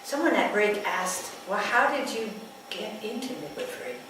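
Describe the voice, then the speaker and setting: A sixty-something midwife tells stories at a workshop, lively and quick to laugh, with listeners in the room. Her mid-range voice keeps a moderate pace. The audio is noisy, picked up from a distance in a very echoey room.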